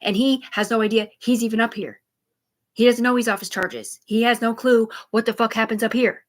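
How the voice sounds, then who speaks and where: A woman talks live to her stream in a loose, rambling monologue. Her delivery is agitated and full of swearing. Her thoughts tumble over each other in quick digressions. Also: fairly high pitch, fairly even intonation. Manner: rambling, profane, rapid digressions; agitated, repeatedly says "dude". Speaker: livestreamer.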